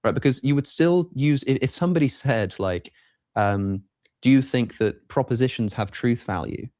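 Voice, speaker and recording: A man's voice: mid-range voice, normal speed, a little mellow, no echo, studio quality. A British man arguing a philosophical point, hesitant and repeating words as he reasons. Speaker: debate guest in reviewed clip. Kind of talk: philosophical argument.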